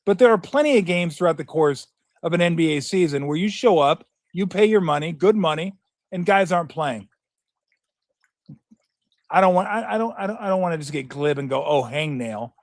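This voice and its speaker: A man's voice: high voice, lively intonation, fairly quick, no echo. A middle-aged man hosting a sports talk show, ranting in a profane, rambling, fired-up way. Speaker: sports radio host. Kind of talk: casual sports talk rant.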